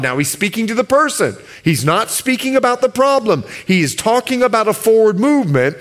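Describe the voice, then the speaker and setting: A male pastor from the Bahamas preaching a sermon. He stretches key words slowly for emphasis and jokes with the congregation. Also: sits high, big pitch swings, fairly bright tone.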